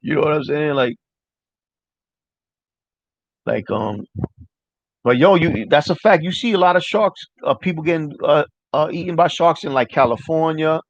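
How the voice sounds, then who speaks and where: A man's voice: a little high, normal speed, dry recording. A man hosting a casual livestream chat, rambling loosely and swearing often while answering viewers. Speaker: livestream host. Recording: dry, dull lo-fi mic.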